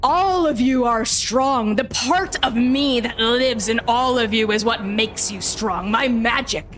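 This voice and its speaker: A woman voicing a tyrannical male god of gods who talks to his son in a slow, cold, menacing way. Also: on the high side, a bit bright, slight background noise. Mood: cold, condescending.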